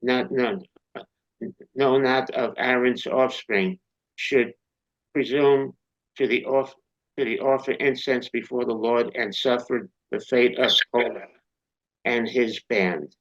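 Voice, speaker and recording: A man's voice: medium pitch, fairly even intonation, slow, long pauses, lo-fi sound. A man in a study group reading a scripture passage aloud, correcting his slips as he goes.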